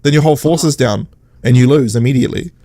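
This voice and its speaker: A man's voice: medium pitch, fast talker, dark tone, no room sound. A man, co-hosting a podcast and recapping an episode in casual, sarcastic chat with mocking quoted voices. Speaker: podcast co-host.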